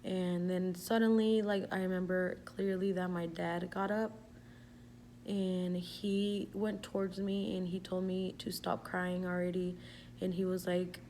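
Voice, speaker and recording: A young woman vlogger tells a personal story in a casual vlog, rambling with plenty of "like" and dropping into Spanish words now and then. Her voice sits fairly low with little pitch movement, unhurried and dark in tone, with a little hiss or hum.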